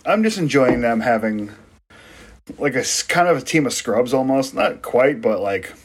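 A man's voice: mid-range voice, animated, moderate pace, breathy edge. Joking man chatting sports with a mouthful. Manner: joking, swearing, laughs often. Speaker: podcast co-host. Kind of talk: casual sports chat.

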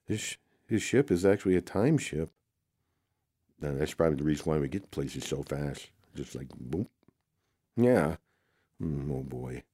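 A man with a very low, dark voice improvises a rambling make-believe story, full of "oh boy" exclamations. The sound is dry and close, with no room around it. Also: moderate pace, husky, dry recording.

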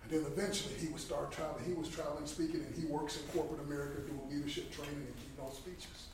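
A man in his fifties giving an impassioned motivational sermon at a Bible study, emphatic, swinging from hushed to loud. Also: fairly high pitch, level tone, quick pace. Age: 50s. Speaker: guest speaker at a Bible study. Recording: very echoey room, distant mic, faint background noise.

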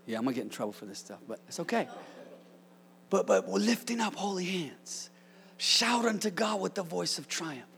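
A man preaching an energetic sermon to a congregation, joking with them and shouting out commands. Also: sits high, a little fast, gravelly.

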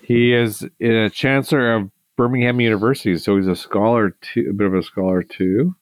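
A man's voice: lowish voice, a little fast, no room sound. A man co-hosting a podcast in casual chat, questioning skeptically and reading out facts. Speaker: podcast co-host.

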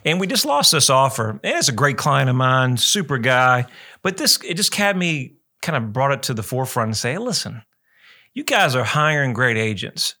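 A man hosts a local real estate radio show, talking in a loose, rambling, chatty way. His voice is bright and forward. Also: mid-range voice, moderate pace. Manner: rambling, chatty, animated quoting. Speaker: radio show host, realtor. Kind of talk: casual radio talk.

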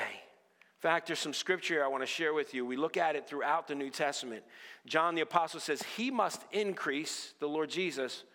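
A man preaching an earnest sermon, often dropping to a low hush on key lines. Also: big-room sound. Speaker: pastor.

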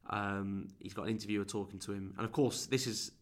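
Chatting on a football podcast, this man sounds relaxed and rambling, frequently starting over and calling his co-host mate. His voice is on the low side, with fairly even intonation and a fairly quick pace.

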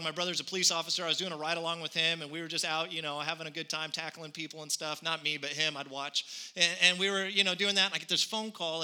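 A man's voice: a little high, bright, forceful tone. A man in his thirties preaching a sermon, telling a personal story earnestly and building to conviction. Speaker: pastor.

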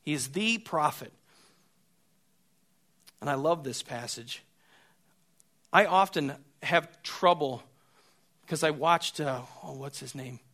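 A man preaching a sermon, moving between quiet, hushed stretches and loud, raised passages, and often repeating a word as he restarts. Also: on the high side, takes it slowly, pauses often. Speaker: pastor.

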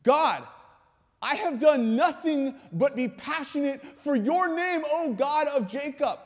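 A man voicing an anguished, blinded young man who pleads with God in a strained, high voice. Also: sing-song, normal speed, darkish tone. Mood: desperate. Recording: long reverb in a hall.

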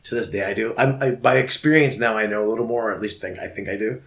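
A man guest telling rambling, excited stories in a casual interview, often acting out what people said. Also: lowish voice, fast, vocal fry. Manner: excitable, rambling, acts out quoted voices. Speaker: guest musician.

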